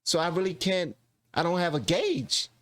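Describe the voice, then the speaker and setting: A man hosting a reaction channel, giving relaxed, chatty commentary straight to his viewers. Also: high-pitched, normal speed, slight background noise.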